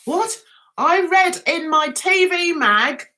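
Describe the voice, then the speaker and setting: A woman hosting a casual livestream from home, chatty and excitable as she reacts to viewer comments, speaking into a computer or phone mic. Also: very high-pitched, slow pace. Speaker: livestream host.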